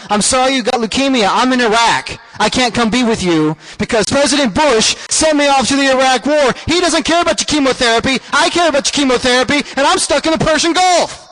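A man's voice: extremely high pitch, fairly bright tone, rough recording. A man voicing a weary deployed soldier parent who sounds apologetic and pleading.

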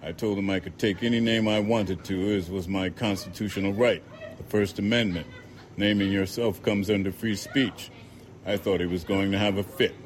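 A man reading a novel aloud in a measured, dry first-person narration. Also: sits low, fairly even intonation. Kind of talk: audiobook narration.

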